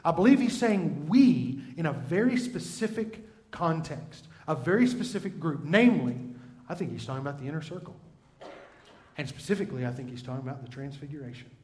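A man preaches a sermon in a high, lifted voice. He talks in a conversational way and keeps turning to the congregation with questions and asides. The sound carries a roomy echo. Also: lively intonation, a little fast, a little mellow. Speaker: pastor.

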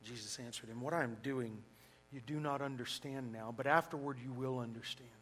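A man preaching a sermon, emphatic and swinging between loud and hushed delivery. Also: medium pitch, fairly even intonation, brisk, poor audio.

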